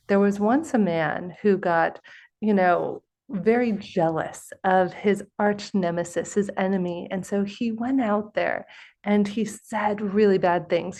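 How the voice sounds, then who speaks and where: Woman host telling a lively story. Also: fairly low pitch. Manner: animated storytelling with quoted voices. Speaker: podcast host. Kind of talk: conversational interview.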